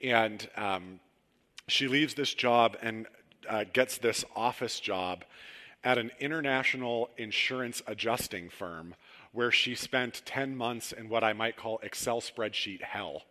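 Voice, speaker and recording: A man preaching a conversational sermon in a church sanctuary, telling personal stories with relaxed, self-deprecating humor. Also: medium pitch, unhurried. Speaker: pastor. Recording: long hall reverb.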